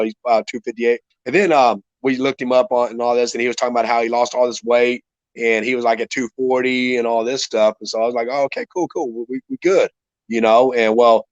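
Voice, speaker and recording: A middle-aged man with a drawl spins a rambling, profane story about a fight, full of restarts. His voice sits at an ordinary pitch. The recording is dry and slightly muffled, like a home podcast mic. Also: no echo. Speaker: retired MMA fighter guest. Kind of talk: casual storytelling.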